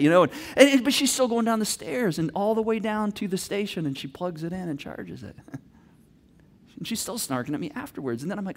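A middle-aged male pastor delivers a sermon in a notably high voice. He tells stories in an animated way, acting out voices of himself and his family, and swings between loud and soft. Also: fairly quick.

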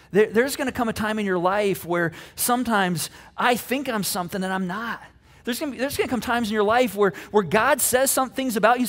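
A man pastor giving a casual, animated sermon, telling a story in a conversational way with many fillers. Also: high-pitched.

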